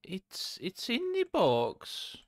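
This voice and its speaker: A man streaming a cooking game, chatting casually, swearing and suddenly shouting. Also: sits high, wildly swooping pitch, very slow, no echo, studio quality. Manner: chaotic, swears, bursts of shouting. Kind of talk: casual gameplay chat.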